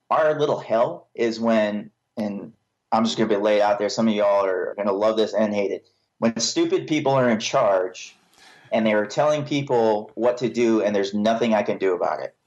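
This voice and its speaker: A man's voice: on the low side, moderate pace, a little mellow, highs cut off. A male podcast guest giving a frank, earnest personal testimony with a self-deprecating edge.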